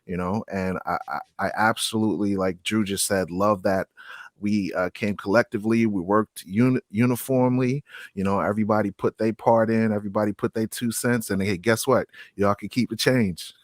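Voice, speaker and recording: A podcaster man with a smooth radio-style voice, chatting in a lively, playful way. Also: fairly low pitch, moderate pace, no room sound, studio quality. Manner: animated, playful. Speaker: solo podcaster. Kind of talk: casual group podcast chat.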